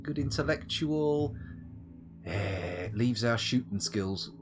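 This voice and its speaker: A man streaming a game and commenting live, jokey and playful, trailing off into little muttered asides. His voice swings widely up and down in pitch, at an everyday middle register, with game music playing behind him. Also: expressive, takes it slowly.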